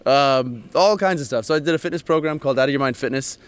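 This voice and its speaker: A man chatting as a guest in an interview, easygoing and quick to laugh. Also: mid-range voice, smooth. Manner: easygoing, laughs often, loose filler-heavy phrasing. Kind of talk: casual interview chat.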